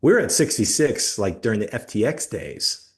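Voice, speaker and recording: A man co-hosting a podcast in casual chat, easygoing and relaxed. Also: lowish voice, normal speed. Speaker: podcast co-host.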